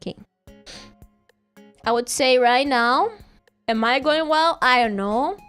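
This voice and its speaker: A woman's voice: high-pitched, slow pace, fairly bright tone, clean tone, faint music behind. A woman streaming live while drawing, chatting casually and playfully, giggling and repeating phrases to herself.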